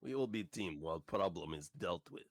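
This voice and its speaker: A man's voice: low-pitched, lively intonation, a little fast, no room sound, studio quality. A man voicing a terse male hero with a put-on Russian accent and clipped, broken English. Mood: stern.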